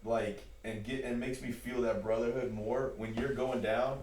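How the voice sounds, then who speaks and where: A man's voice: medium pitch, steady tone, moderate pace, darkish tone. A man hosting a podcast, chatting casually and animatedly, with many "like"s and repeated words. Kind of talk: casual chat. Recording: roomy sound from a distance.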